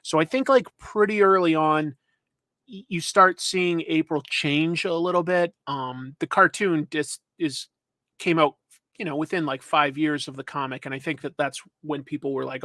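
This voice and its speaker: A man's voice: a little high, expressive, measured pace, a bit bright, no echo, studio quality. A man hosting a comics news show, chatting in a rambling, casual, self-deprecating way. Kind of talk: casual live-stream chat.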